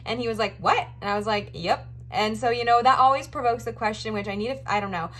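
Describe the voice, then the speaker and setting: A woman's voice: a little high, fairly even intonation, fast talker, a bit bright. A young woman, a professional tarot reader, talking through a reading in a chatty, reassuring way and often repeating her phrases.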